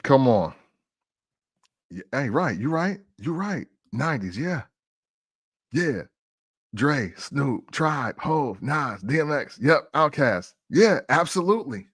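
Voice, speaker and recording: Slow-talking man, playful music debate. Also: mid-range voice, very animated, fairly bright tone, breathy edge. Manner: playful, argumentative, laughs often. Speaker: music talk host. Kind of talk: casual solo music talk.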